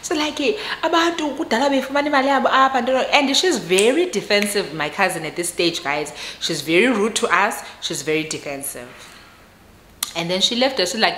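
A woman with a South African accent telling a personal story in a casual vlog, expressive and mixing English with Xhosa. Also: medium pitch, normal speed, reverberant, slight background noise. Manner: expressive, switches between English and Xhosa, laughs at herself.

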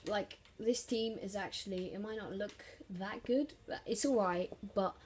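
A woman talks through her own football video game match in a loose, unscripted way, her voice sitting at an ordinary middle pitch. She drops to mutters and whispers, then bursts into loud, swearing shouts when something happens on the pitch. A faint background hum sits under her desk-mic voice. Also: a little slow. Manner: excitable, swearing, erupts into shouts at big plays. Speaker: gaming commentator. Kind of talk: casual live game commentary.

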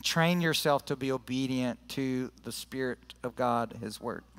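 A male pastor delivers a sermon in a church sanctuary, talking in a relaxed, conversational way. His voice is smooth and resonant, with a middle pitch. He is earnest as he leads his congregation through prayer and scripture. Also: measured pace, long reverb tail.

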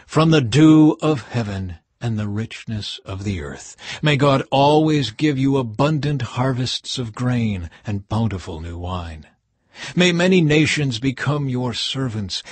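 An old blind father speaks slow, solemn words of blessing, as a man reading aloud puts him on. The voice is husky and mid-pitched, with a dry, close sound. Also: no echo. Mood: tender.

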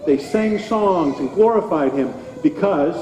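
A man's voice: fairly high pitch, expressive, a little slow, warm tone. A man, a pastor, giving a children's sermon in a church, talking animatedly and asking the children questions. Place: church sanctuary. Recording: echoey hall, dull sound.

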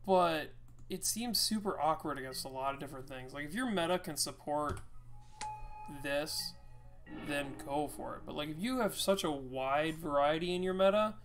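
A man giving casual, loud, teasing commentary while playing a card game with a friend, swearing now and then. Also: on the high side, moderate pace, faint music behind. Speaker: card game player and co-host.

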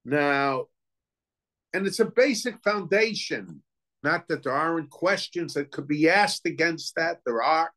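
A man's voice: on the high side, expressive, a little slow, fairly bright tone. A man teaching as a rabbi in a Torah lecture. He reasons aloud, asks questions, and often halts to search for words and restart.

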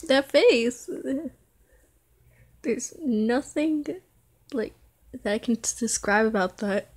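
A woman's voice: mid-range voice, darkish tone. A woman commentating a reaction video in a casual way, jittery and easily frightened, talking herself through it.

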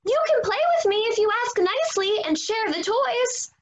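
Tiny squeaky pig boy, polite and coaxing , a woman putting him on. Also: animated, moderate pace. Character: small polite male pig, gentle.

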